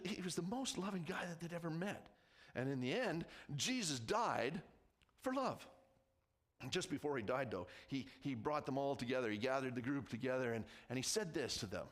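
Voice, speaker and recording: A man with a Canadian accent preaching a sermon to his church, conversational and emphatic, repeating phrases and restarting himself. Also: on the high side. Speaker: pastor.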